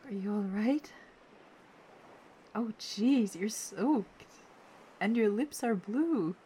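A woman plays a playful, caring young woman speaking to the listener in an audio role-play. She talks slowly, with a mellow, relaxed tone, mixing gentle teasing with soft, soothing words. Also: medium pitch, slight background noise, close to an everyday voice. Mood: freezing.

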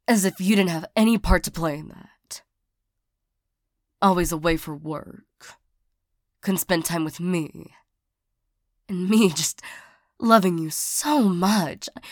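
A hurt young bodyguard and former lover, voiced by a woman in an audio role-play, speaking very slowly in a lowish voice. She stammers, restarts and sighs often. The recording is close and dry. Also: lively intonation, no room sound. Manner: halting, stammering, frequent sighs.

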